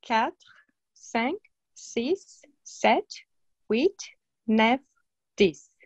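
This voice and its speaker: A woman's voice: a little high, lively intonation, extremely slow, slightly rough, no room sound, dull audio. A woman student counting aloud in a language class, modest and careful.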